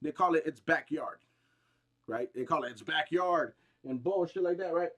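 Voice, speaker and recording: A gaming streamer delivering a heated, rambling, profane rant, restarting sentences often and bursting out with emphasis. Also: male voice, a little high, normal speed, a bit bright. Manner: agitated, emphatic outbursts.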